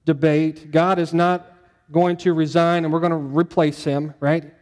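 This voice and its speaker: A man's voice: a little high, darkish tone. A middle-aged man preaching a sermon to his congregation in a conversational, folksy way, often asking the room questions. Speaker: pastor.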